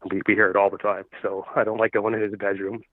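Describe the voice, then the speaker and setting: A man phones in to share an eerie experience at home, stumbling over his words with plenty of fillers. His voice sits low and comes through a thin, phone-like line. The sound is dry, with no room around it. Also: level tone, no echo. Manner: halting, nervous storytelling with many fillers. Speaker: caller. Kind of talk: phone-in ghost story.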